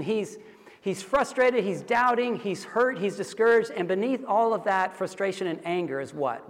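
A man's voice: high voice, moderate pace. A man preaching a sermon in a conversational, explanatory way, with casual "like" asides, sometimes acting out the voices in a dialogue. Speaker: pastor. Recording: long hall reverb.

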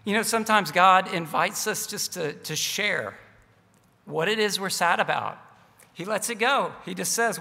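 A man's voice: high-pitched, measured pace, vocal fry, sharp tone. A man preaching a sermon, telling a story earnestly, his volume rising and falling. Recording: long reverb of a large hall.

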